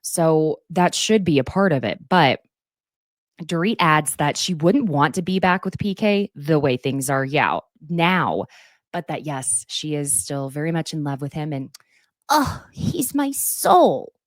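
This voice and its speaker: A woman's voice: sits low, unhurried, dry recording, clean studio sound. A woman hosting a casual recap, chatty and opinionated, with asides and mock voices. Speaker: recap host.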